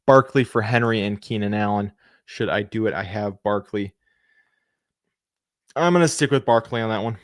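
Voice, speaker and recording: Young man, low voice, dry close sound, casual live Q&A host, reads questions and answers fast. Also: no echo. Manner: reads viewer questions aloud and answers rapidly; thanks viewers by name, laughs easily. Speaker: fantasy football livestream host.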